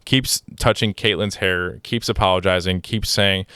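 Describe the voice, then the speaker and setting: A young man with a low, smooth, resonant voice tells a story casually, full of restarts and filler words. He sounds exasperated as he goes along. The sound is dry and close, with no room echo. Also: fairly even intonation, moderate pace, bright, forceful tone. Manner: exasperated, rambling with many restarts and "like". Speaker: podcast host.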